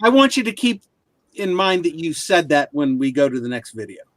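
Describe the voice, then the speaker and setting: A man's voice: on the high side, very animated, brisk, a bit bright, no room sound. A man co-hosting a casual chat show, steadily guiding the talk from one segment to the next. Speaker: show co-host.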